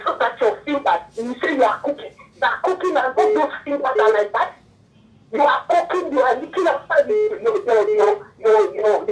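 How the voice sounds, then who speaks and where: A high-voiced woman from the UK calls in, tearful and lecturing in a churchy, scolding tone. Her voice is high and sounds far from the phone. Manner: preachy, scolding, religious. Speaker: caller. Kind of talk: emotional phone-in call.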